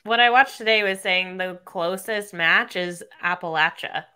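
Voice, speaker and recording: Bright-voiced chatty woman. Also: fairly low pitch, moderate pace, smooth. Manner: chatty, agreeable, frequent "like". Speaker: panelist. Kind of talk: casual discussion.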